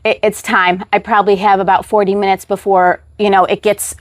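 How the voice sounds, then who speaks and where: A woman telling a personal story as a guest, animated, acting out the voices of the people in it. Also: medium pitch, fairly quick, no room sound. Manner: animated retelling, acts out quoted voices.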